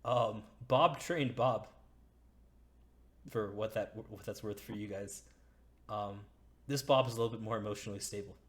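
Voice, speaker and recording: A man's voice: on the low side, flat delivery, a little fast. A man narrating as game master in an easygoing, chatty way. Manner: easygoing, chatty, lots of fillers.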